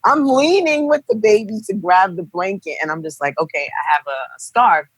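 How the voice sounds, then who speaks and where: A young woman telling her birth story as a podcast guest, animated and acting out what people said. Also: medium pitch, moderate pace, slightly rough, dry recording, poor audio. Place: podcast studio.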